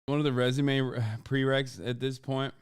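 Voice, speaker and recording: A man's voice: mid-range voice, fairly even intonation, moderate pace, clean tone, no echo, studio quality. A young man streaming, reacting to clips with sarcastic, profane commentary and bursts of laughter. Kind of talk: casual livestream commentary.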